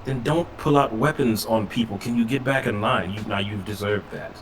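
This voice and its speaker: Low-voiced placating man, noisy mic. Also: moderate pace. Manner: placating, earnest, laughs often. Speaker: player. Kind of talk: playing a tabletop game. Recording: background noise on the mic.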